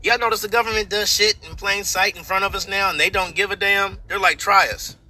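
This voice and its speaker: A man's voice: high voice, steady tone, quick pace, sharp tone, faint music behind. A man venting angrily and cynically, with plenty of swearing. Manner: angry, profane, cynical. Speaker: vlogger. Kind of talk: venting monologue.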